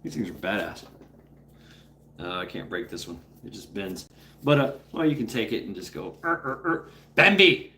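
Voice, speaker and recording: A man's voice: lowish voice, sing-song, moderate pace, pushed and bright, a little hiss or hum. A man hosting a casual live stream, rambling playfully, greeting viewers by name and coaxing his dog between remarks. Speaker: livestream host.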